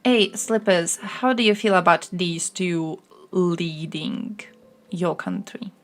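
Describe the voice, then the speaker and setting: A woman's voice: fairly low pitch, fairly even intonation, slow. A young woman from the Balkans, live-streaming casual chat, reacting to news and chat with crude jokes and frequent laughter. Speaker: livestreamer.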